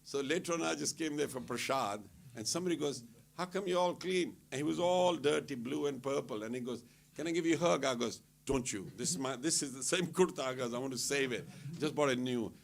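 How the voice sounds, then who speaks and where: A gravelly, medium-pitched male voice moves briskly with few pauses as he recounts comic travel stories to a temple gathering. The temple speaker keeps it casual and lively, breaking into laughter and acting out quotes.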